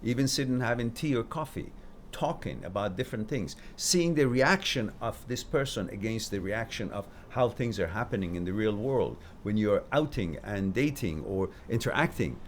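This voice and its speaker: Hosting a live stream, a man with a fairly low voice tells stories and hands out advice at a normal pace, with slight background noise. He's casual and animated, swinging from loud emphasis to quiet asides.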